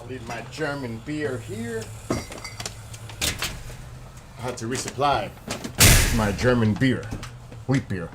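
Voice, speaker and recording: A man's voice: mid-range voice, animated, slow pace, pauses often, very noisy. A man with a New York accent, chatting casually and rambling to his viewers on a live stream.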